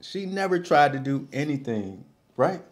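A man's voice: fairly high pitch, sing-song, moderate pace. A man, father of a young son, casually recapping a reality show episode with a co-host, laughing often and acting out what people said. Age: adult with a young son. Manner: laughs often, loose and joking, acts out quotes.

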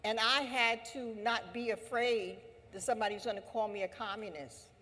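A woman's voice: on the high side, fairly even intonation, normal speed, sharp tone. A woman giving an impassioned rally speech at an assembly, with a fervent, repetitive, preaching cadence. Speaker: speaker at an anti-imperialist assembly. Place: large hall. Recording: reverberant hall sound.

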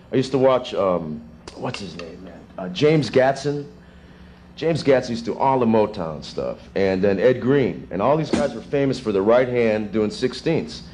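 A man in his thirties, a session drummer, answering students' questions in a rambling, animated way with chuckles, in a music school classroom. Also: mid-range voice, slight background noise. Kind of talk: casual Q&A with students.

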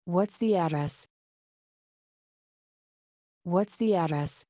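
A woman reading short English phrases twice each for learners, careful and even. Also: on the low side, very slow, no room sound, highs cut off. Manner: careful, evenly paced reading aloud.

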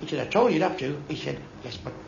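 In front of an audience at a live club, this comedian talks fast in a slightly high, creaky voice with lively intonation, delivering a blunt, crude routine peppered with crowd asides. Sound is dull and lo-fi from a live tape, echoey, with crowd noise.

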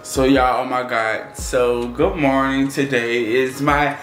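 A young man in his twenties, hoarse from losing his voice, chatting excitedly to viewers in a casual vlog. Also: medium pitch, takes it slowly, echoey room, soft background music. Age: 20s. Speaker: vlogger.

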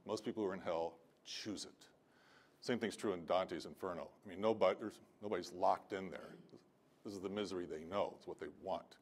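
A man's voice: sits low, steady tone, a little fast, breathy edge. A man giving a sermon-style lecture as a pastor, telling a story with many fillers.

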